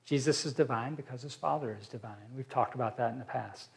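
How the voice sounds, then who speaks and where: A man teaching a Bible study, reading verses aloud and explaining them slowly with fillers. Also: medium pitch, vocal fry.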